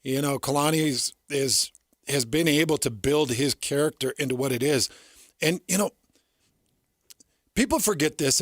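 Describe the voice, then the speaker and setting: A man's voice: fairly high pitch, no room sound, clean studio sound. Earnest male sports radio host. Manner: earnest, storytelling, emphatic.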